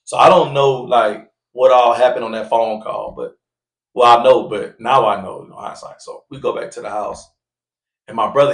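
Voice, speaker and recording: Podcast storyteller, man, mid-pitched, animated, does loud voices for the people in his story, echoey room. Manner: animated, acts out quoted voices loudly.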